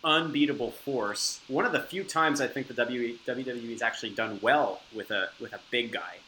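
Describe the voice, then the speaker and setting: A man in casual podcast chat, laying out his points in a measured, analytical way with the odd filler. His voice has a bright, forceful edge. A faint hiss runs under the recording. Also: medium pitch, low-quality recording. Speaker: podcast co-host.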